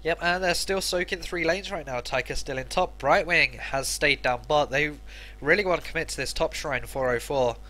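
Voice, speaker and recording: A man's voice: a little high, normal speed, pushed and bright. A man co-casting a live esports match, giving analytical color commentary. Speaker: esports co-caster.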